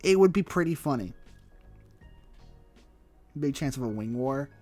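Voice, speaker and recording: A man streaming a game from home on a desk microphone, chatting in a loose, rambling, excitable way with laughs and casual swearing. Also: mid-range voice, unhurried. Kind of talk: casual live-stream chat while playing a game. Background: faint chill background music.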